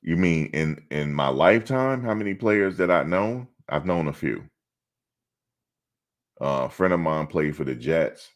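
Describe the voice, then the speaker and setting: Very deep-voiced blunt middle-aged man. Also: expressive, unhurried. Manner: talks back to chat, blunt and streetwise. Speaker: sports channel host. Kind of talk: casual live-stream chat.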